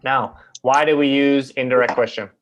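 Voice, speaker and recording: A man's voice: medium pitch, fairly even intonation, moderate pace, a bit bright, highs cut off. A man teaching an English grammar class, explaining patiently and checking often with "right?".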